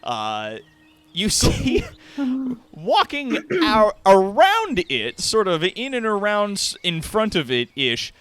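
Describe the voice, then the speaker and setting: A man running a tabletop game as game master, narrating in an unhurried way, with lots of fillers and frequent laughter. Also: sits high, huge pitch swings, a bit bright.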